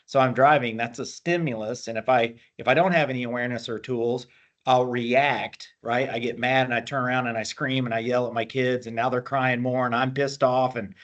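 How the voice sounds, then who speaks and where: A man's voice: mid-range voice, fairly even intonation, a little fast, a bit bright, dull audio. A man speaking as a guest, explaining mental skills in a plainspoken way with military terms. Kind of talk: motivational talk on a call.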